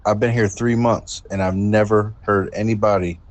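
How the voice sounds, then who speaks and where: A man's voice: on the low side, fairly even intonation, moderate pace. A man playing a police supervisor in a roleplay game, dry and dismissive. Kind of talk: in-character voice chat.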